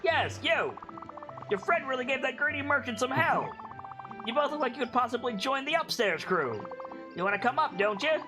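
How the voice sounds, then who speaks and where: Lady doing a cocky brag-y character, louder and higher, game music behind. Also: big pitch swings, moderate pace. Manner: brash, teasing. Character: cocky character bragging from upstairs.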